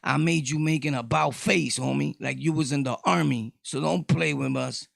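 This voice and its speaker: Man, New York accent, middle-aged, gravelly, high-pitched, casual loud rant. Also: moderate pace, dry recording, clean studio sound. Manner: loud, shifting between shouting and low talk. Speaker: vlogger.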